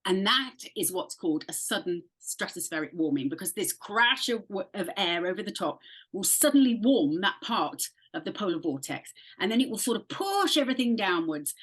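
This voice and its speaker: A British woman presenting weather, explaining a topic in a lively, chatty, playful way. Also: medium pitch. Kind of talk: casual explainer chat.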